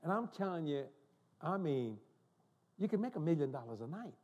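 This is an older man preaching from a church pulpit. His voice is husky and dark, and he tells stories in an animated way, cracking jokes and laughing as he goes. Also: on the high side, normal speed, dull audio. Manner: animated, joking, laughing asides. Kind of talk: storytelling sermon. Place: church sanctuary.

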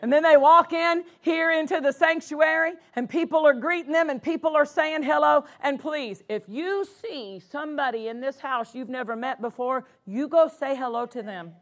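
A woman's voice: high voice, normal speed, few pauses. A woman pastor preaching a sermon in a church, punctuating her points with exclamations of praise. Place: church sanctuary.

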